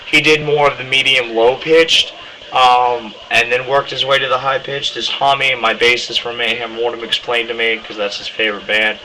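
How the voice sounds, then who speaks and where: A young man, a vocalist, casually explains his screamed metal vocals in a bright, forceful, mid-range voice, rambling with lots of ums. He demonstrates harsh screams, and the audio is poor with slight background noise.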